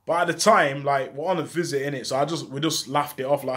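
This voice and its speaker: A man telling a true story from his own life in casual, slang-heavy street talk, with an animated delivery. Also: medium pitch, fast talker.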